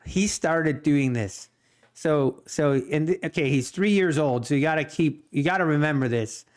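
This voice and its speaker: Casual male streamer, a touch high-pitched, talks to chat between trades and laughs easily. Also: normal speed. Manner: chatty, laughs often, addresses chat directly. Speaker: day trading livestream host. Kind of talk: casual livestream chat and market commentary.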